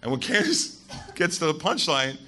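Male guest speaker at a live event: bright, punchy voice, blunt and emphatic, swears freely. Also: on the high side, sing-song, normal speed, a little hiss or hum. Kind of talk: live public talk to an audience. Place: event hall with a live audience.

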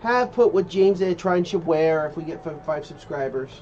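A man's voice: a little high, animated, moderate pace, a little mellow, highs cut off, a little hiss or hum. A man chatting casually on a livestream, rambling and joking and trying out silly impressions. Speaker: streamer.

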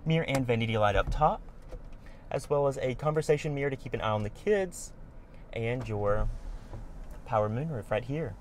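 A man at a car dealership giving a walkaround tour, listing features in short, brisk bursts. His voice sits at a middle pitch, and faint ambient noise hangs behind him as he talks from inside the car. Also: animated.

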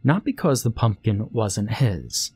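A man narrating a scary story in a slow, measured storytelling manner. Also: fairly low pitch, big pitch swings, a little mellow, husky. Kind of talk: scripted horror narration.

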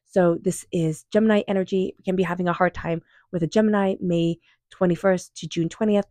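A woman giving a casual tarot reading, speaking in a gentle, rambling and reassuring way. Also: lowish voice, steady tone, fairly quick, no echo. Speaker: tarot reader.

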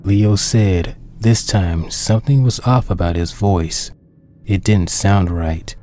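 Deep-voiced man narrating a dark story. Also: takes it slowly, a little hiss or hum. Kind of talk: reading his own dark fan story aloud.

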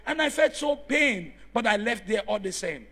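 High, bright-voiced preacher. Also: male voice, expressive, moderate pace. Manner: storytelling preacher, rising to shouts, calls on the congregation. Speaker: pastor. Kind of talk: sermon. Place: church.

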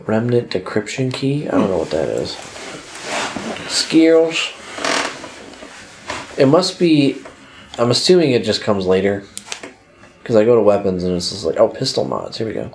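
A man's voice: medium pitch, moderate pace, long pauses, noisy background. A young man playing a video game and chatting casually, laid-back and swearing often, mumbling as he reads menus aloud. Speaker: gameplay commentator. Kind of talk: casual let's play banter.

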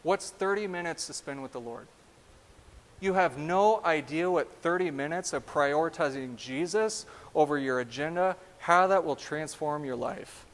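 Male pastor, high-pitched, lively sermon delivery, echoing sanctuary. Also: normal speed. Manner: animated, asks the congregation direct questions. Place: church sanctuary. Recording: long church reverb.

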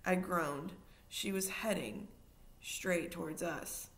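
A woman reading a children's novel aloud in steady narration, now and then adding a short aside to her listeners. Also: on the low side, takes it slowly. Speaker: reader.

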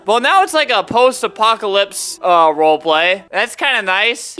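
A young woman giving playful gameplay commentary, swinging into loud squealing excitement. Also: mid-range voice, normal speed, hardly any pauses, over music. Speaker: Roblox gaming YouTuber.

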